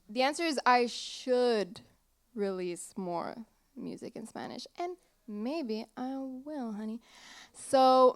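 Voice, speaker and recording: A young woman singer chatting casually in an on-stage interview in a small theater, giggly and rambling, losing her train of thought. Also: fairly high pitch. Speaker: singer-songwriter guest.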